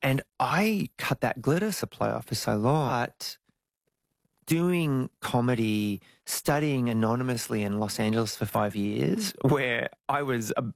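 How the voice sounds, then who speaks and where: A man, telling stories as an interview guest, jumping into high squeaky tones when he jokes. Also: measured pace, gravelly, no echo. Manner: animated storytelling, jumps to high squeals when joking. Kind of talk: casual interview chat.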